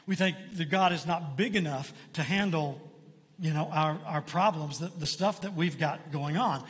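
A man's voice: a little high, moderate pace, long reverb tail. A man preaching a sermon as pastor, talking in a folksy, conversational way with frequent asides to the congregation.

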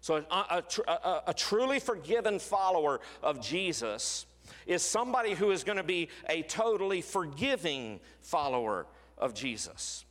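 A man preaching a sermon as a pastor and leading a closing prayer, earnest and often dropping to a soft hush. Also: a little high, big pitch swings, normal speed, in a large hall. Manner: earnest, drops to a soft hush on quoted words. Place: church sanctuary.

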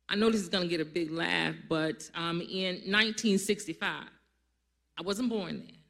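A pastor preaching a sermon to a congregation, calling on people to answer back and building up to loud, emphatic lines. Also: mid-range voice. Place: church service before a congregation.

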